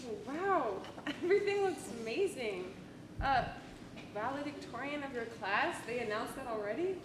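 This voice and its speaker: A student playing a flustered admissions interviewer. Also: female voice, high-pitched, animated, moderate pace. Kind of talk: school stage play acting. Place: school auditorium stage. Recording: echoey stage with hiss.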